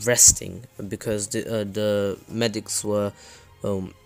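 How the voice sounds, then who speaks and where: A man casually retelling a fan story, rambling and correcting himself, with jokes and asides. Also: lowish voice. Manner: rambling, self-correcting, joking.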